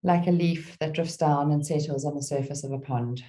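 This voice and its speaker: A middle-aged woman with a low-sitting voice reads a poem aloud while leading a guided meditation. She speaks slowly and soothingly, with gentle pauses.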